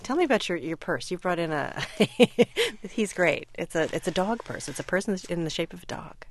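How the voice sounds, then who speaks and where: Low-voiced woman radio news host. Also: lively intonation, a little fast, slight background noise. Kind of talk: public radio hosting. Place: radio studio.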